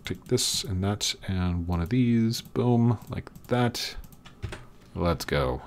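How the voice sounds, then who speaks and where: Gravelly man coaxing in repeated commands. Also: fairly low pitch, expressive, slow, slight background noise. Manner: frustrated coaxing, repeats commands many times. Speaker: gaming video creator. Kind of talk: casual Minecraft commentary.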